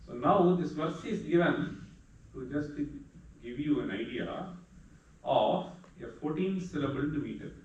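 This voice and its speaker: A man teaching a class, explaining patiently step by step and chanting verses slowly. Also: a little high, expressive, highs cut off, slight background noise. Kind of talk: lecture on Sanskrit meter. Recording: echoey room, distant mic.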